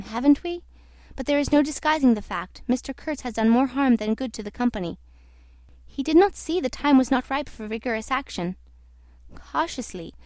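Woman reading a scheming manager, smug and fussy, brightish tone, dry sound. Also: a little high, no room sound, lightly acted. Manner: fussy, self-satisfied.

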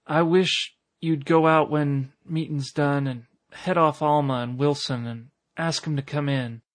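A man voicing a dying elderly village woman, stubborn and pious, who speaks slowly and feebly in strained country speech. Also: a little high, fairly even intonation, no room sound, natural voice. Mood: feeble.

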